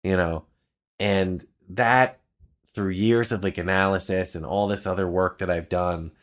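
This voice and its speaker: Low-voiced young man telling a story. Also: steady tone, measured pace. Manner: rambling, heartfelt storytelling full of "like". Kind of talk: casual chat.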